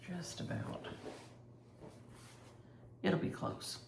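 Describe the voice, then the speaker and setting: A woman's voice: drawn-out words, reverberant, noisy background. A woman chatting casually and rambling as she shows her cross-stitch projects to viewers. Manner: chatty, rambling, thinks aloud. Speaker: flosstube host.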